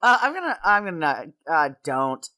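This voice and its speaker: Woman podcast co-host, bright crisp voice, giggly, chatty, playful. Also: lowish voice, big pitch swings, normal speed. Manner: giggly, acts out lines in funny voices. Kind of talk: casual chat.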